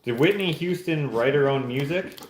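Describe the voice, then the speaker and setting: A man's voice: fairly high pitch, lively intonation, moderate pace, a little hiss or hum. A man hosting a casual livestream, reading chat aloud and opening gifts in an easygoing, joking way. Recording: roomy echo.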